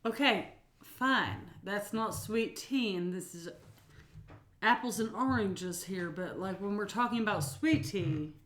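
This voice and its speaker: A woman from North Carolina with a Southern accent, co-hosting a podcast and telling stories loudly and with animation. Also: medium pitch, unhurried, roomy sound. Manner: loud, animated storyteller. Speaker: podcast co-host. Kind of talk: casual chat.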